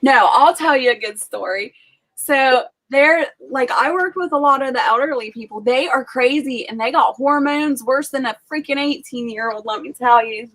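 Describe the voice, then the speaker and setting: A woman's voice: fairly high pitch, a bit bright. Chatty woman telling rambling farm stories. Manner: chatty storyteller, lots of "like". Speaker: livestream host. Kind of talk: casual chat. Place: rural farm home.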